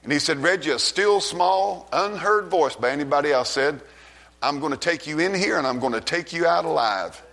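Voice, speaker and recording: A man preaching a revival sermon, fervently calling out and then dropping to a hushed tone. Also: moderate pace, creaky. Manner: fervent, shouts rises then drops low and hushed.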